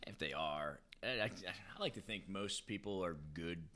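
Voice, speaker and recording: Man, podcast co-host, animated storyteller, low pitch, bright tone. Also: moderate pace. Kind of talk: casual podcast chat and storytelling.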